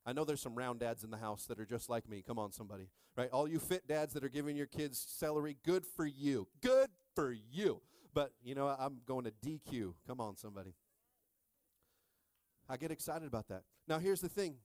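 A middle-aged man preaching a sermon with lively energy, often checking in with the congregation. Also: medium pitch, fairly quick, no echo. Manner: energetic, repeatedly asking "are you with me?". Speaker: pastor.

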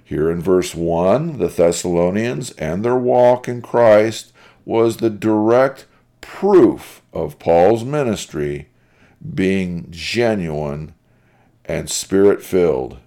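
Here the Bible teacher speaks with a fairly low, mellow voice and lively intonation. He works through scripture deliberately and methodically, reading each verse aloud before explaining it point by point.

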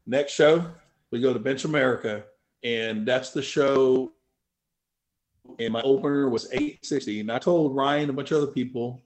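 A man in a casual interview, telling a story in an animated, profane way, swinging from low mutters to loud outbursts. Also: normal speed. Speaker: guest.

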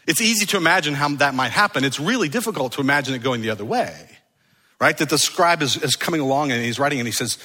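A man's voice: fairly high pitch, lively intonation, quick pace, sharp tone, in a large hall. A man preaching an earnest, conversational sermon that is full of rhetorical questions. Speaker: pastor.

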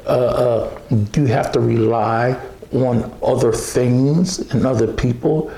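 A man preaching a sermon, slow and emphatic, repeating phrases and restarting often. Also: mid-range voice, vocal fry, warm tone, roomy sound, slight background noise.

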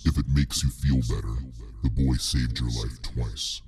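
A deep gravelly ancient creature. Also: male voice, steady tone, measured pace, a little mellow, faint music behind, full character voice. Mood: cold menacing. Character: ancient inhuman creature, cold and calmly menacing.

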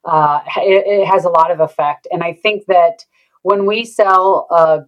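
A woman sales consultant answering interview questions in a thoughtful, unhurried way. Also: fairly low pitch, steady tone, muffled recording. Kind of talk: conversational interview.

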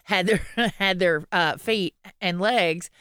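A woman's voice: fairly low pitch, slow, fairly bright tone, smooth, no echo, studio quality. A woman, co-hosting a podcast in casual, rambling chat, laughing often and restarting her sentences. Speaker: podcast co-host.

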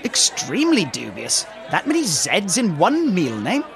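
Woman as a snobbish diner, disdainful, dramatic, very animated pitch. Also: unhurried, vocal fry, over music, full character voice. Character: snobbish adult female diner.

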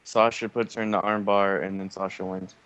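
A man's voice: low voice, flat delivery, fairly quick, a bit bright, no echo, highs cut off. A man commenting on a wrestling match with friends, explaining the story of the bout and throwing in dry, matter-of-fact jokes. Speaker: co-host watching a wrestling match. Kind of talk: casual live watch-along commentary.

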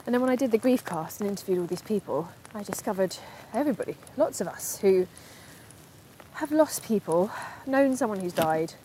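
This rough recording, with a little hiss or hum, captures a woman podcast host talking casually as she walks through a park in the rain. Her mid-range voice is warm, expressive, and brisk, and she rambles chattily, laughing at herself from time to time.

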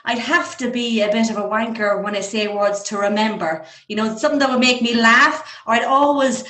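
A woman with an Irish accent, telling stories in casual chat, animated and laughing often. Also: a little high, a little fast, roomy sound. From Ireland. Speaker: guest.

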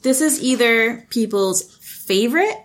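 Chatty woman with a high voice. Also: lively intonation, measured pace. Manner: chatty, laughs often, swears. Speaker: podcast co-host. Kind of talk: casual chat.

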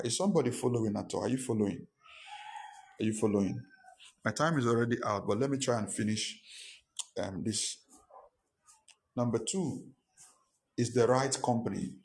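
A man's voice: medium pitch, normal speed, creaky, pauses often, darkish tone. A pastor preaching a sermon, emphatic and repetitive, with rhetorical questions to his congregation.

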